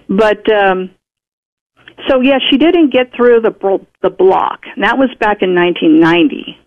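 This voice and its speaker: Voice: mid-range voice, expressive, a little slow, long pauses. Chatty radio guest telling a story. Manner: chatty, acts out quoted speech. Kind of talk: telling a personal story in conversation. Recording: muffled radio broadcast audio.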